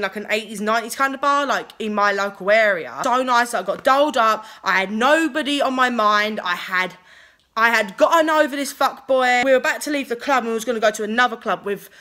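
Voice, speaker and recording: Bright-voiced sweary young woman. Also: on the high side. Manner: chatty, sweary, filler-heavy retelling. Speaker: vlogger. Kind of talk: casual storytime.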